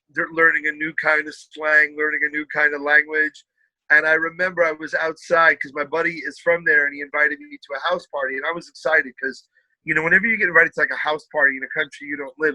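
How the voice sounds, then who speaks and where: A man from the United States, a podcast guest, telling lively stories in casual chat. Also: fairly high pitch, no echo, low-quality recording. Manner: animated storyteller, puts on British voices.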